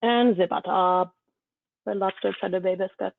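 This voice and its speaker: A woman guest chef chatting casually while plating food, easygoing and quick to laugh. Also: mid-range voice, steady tone, gravelly. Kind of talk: casual chat while cooking. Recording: thin phone-like sound, dry.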